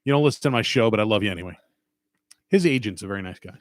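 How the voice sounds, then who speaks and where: A man's voice: fairly low pitch, animated, very fast, dry recording. A middle-aged man with a New York accent, hosting a podcast in casual banter and teasing with a lot of swearing. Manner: profane, teasing, wisecracking. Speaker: podcast host.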